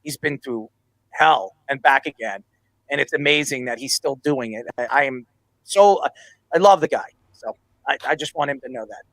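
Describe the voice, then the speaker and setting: A man's voice: mid-range voice, normal speed, fairly bright tone, no room sound, poor audio. A man hosting a casual sports podcast, rambling and emotional, dropping his voice when moved. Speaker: podcast host.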